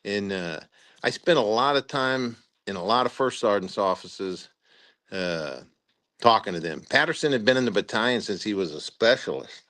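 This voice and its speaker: An older man, a retired army officer being interviewed, telling stories in a rambling, halting way with chuckles. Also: fairly low pitch, animated, pushed and bright. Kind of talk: casual spoken storytelling interview.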